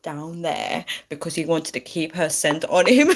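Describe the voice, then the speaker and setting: A woman's voice: low-pitched, very noisy. A woman chatting casually on a live stream, giggling and reading out viewer comments.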